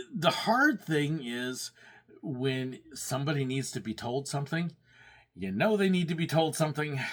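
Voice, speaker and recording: In a husky voice on the high side, this man spins a casual monologue about his past work as a pastor and at theme parks. He's chatty, laughs a lot, and performs the complaints he quotes.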